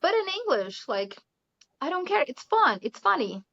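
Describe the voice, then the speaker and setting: A woman's very high, gravelly yet bright voice swings widely in pitch and carries a forceful tone at a moderate pace. She's a Brazilian English teacher chatting casually as an interview guest in English with a Brazilian Portuguese accent, laughing often and saying "you know" a lot. The audio is muffled and lo-fi.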